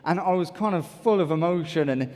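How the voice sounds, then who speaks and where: A man from the UK giving an energetic, jokey motivational talk on stage, bantering with a large audience. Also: fairly high pitch, a little fast. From United Kingdom. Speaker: motivational speaker. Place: large auditorium. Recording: echoey large hall.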